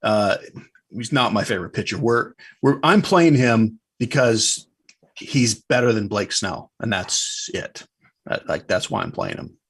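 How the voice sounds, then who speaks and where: A man's voice: lowish voice, lively intonation, unhurried, a bit bright, breathy edge. A man giving blunt, opinionated fantasy sports picks in a casual chat. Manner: blunt, opinionated, matter-of-fact.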